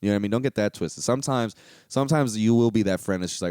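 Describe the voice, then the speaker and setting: A man's voice: on the low side, lively intonation, quick pace, darkish tone, no echo, studio quality. A young man hosting a solo podcast, talking in a rambling, candid, profane way with lots of fillers. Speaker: podcast host. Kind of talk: casual solo podcast monologue.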